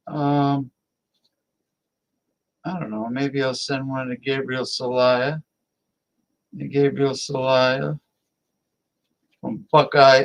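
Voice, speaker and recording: A man's voice: medium pitch, poor audio. A man hosting a live-stream talk show, rambling casually and muttering to himself as he invites guests.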